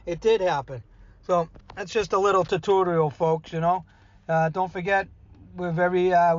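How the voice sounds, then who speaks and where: A man's voice: sits high, no room sound, lo-fi sound. A man with a Boston accent giving a rambling, folksy monologue as a show's regular contributor, full of "you know" and "uh". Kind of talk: casual chatty monologue.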